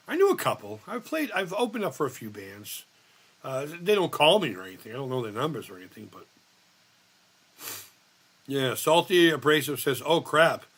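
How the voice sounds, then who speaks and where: Middle-aged man, bright voice, loose and profane, rambling live-chat host. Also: medium pitch. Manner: profane, rambling storyteller reading chat aloud. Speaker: livestream host.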